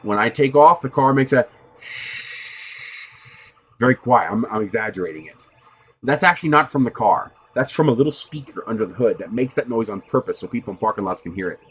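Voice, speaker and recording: Laughing, lively-voiced livestream host man. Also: medium pitch, a little fast, husky. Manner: laughs often, loose and profane, storytelling. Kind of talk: casual livestream chat answering viewers.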